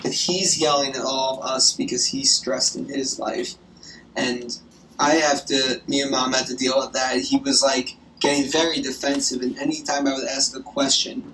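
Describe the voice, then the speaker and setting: A young woman talking on the phone with her grandmother, animated and gossipy, swearing often. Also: rumbling low, normal speed, soft background music. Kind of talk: casual phone chat. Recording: roomy echo, distant from the mic.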